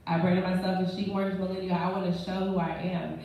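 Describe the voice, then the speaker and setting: A woman's voice: on the low side, level tone, fast talker, darkish tone. A young woman who works as a mortgage branch manager, telling her career story in a candid, self-assured, conversational way on a live panel. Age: young adult. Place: live event room. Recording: echoey room, distant mic, dull sound, faint noise.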